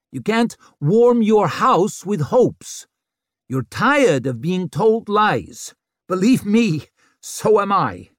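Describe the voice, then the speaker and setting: A woman's voice: medium pitch, no room sound, studio quality, pitched above the performer's own voice. A man voicing a hard-bitten, weary female police chief inspector who talks bluntly and swears. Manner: blunt and profane.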